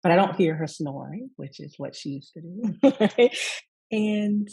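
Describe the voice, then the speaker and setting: Woman, low voice w a gravelly edge, yoga teacher telling a story, laughs and says "right?" a lot. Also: lively intonation, measured pace, low-quality recording. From US Deep South. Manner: warm, laughing asides and tag questions. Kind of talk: reflective storytelling in conversation.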